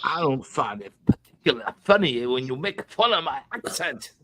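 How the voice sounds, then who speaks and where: A man's voice: mid-range voice, sing-song, normal speed, fairly bright tone. A man putting on a clumsy, overdone fake British accent, proud and touchy about it. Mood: mock-proud.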